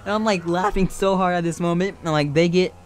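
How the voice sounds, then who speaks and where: A man's voice: sits high, fairly even intonation, a little fast, a little hiss or hum. A young man telling a storytime and drawing a tutorial in a casual, joking, rambling way. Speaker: YouTuber.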